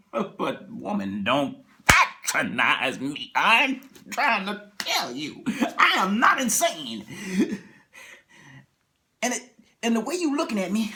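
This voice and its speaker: A storyteller playing a jittery husband who stammers and pleads, in a comic retelling of a film scene. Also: mid-range voice. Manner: stammering, pleading, repeats "honey" and "baby". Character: jittery husband on a plane insisting a creature is on the wing.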